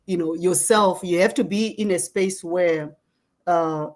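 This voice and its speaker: Earnest lower-voiced woman guest. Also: a little mellow. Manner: earnest, measured, with fillers and "right?". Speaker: guest, social justice advocate. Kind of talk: interview answers.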